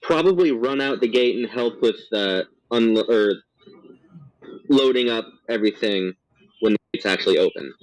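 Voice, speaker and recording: A man playing a tabletop game, planning his move aloud in halting phrases. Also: medium pitch, no echo, poor audio. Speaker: player. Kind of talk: casual tabletop game chat.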